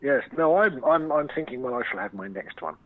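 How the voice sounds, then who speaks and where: A man's voice: mid-range voice, animated, a little fast, phone-quality sound. A man chatting as a guest on a comic show, giving dry, chuckling replies. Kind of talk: casual chat.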